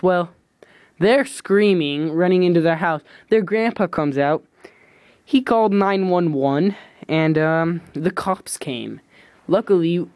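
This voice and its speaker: A man's voice: a little high, darkish tone. A teenage boy casually telling a story on his vlog, rambling, stopping and correcting himself as he goes. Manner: rambling, halting, self-correcting. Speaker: YouTube vlogger.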